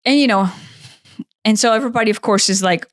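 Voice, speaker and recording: A woman's voice: mid-range voice, fast talker, no room sound, studio quality. A woman from Ukraine, a podcast co-host and energy healer, telling a travel story in a rambling way that often restarts. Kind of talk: casual storytelling chat.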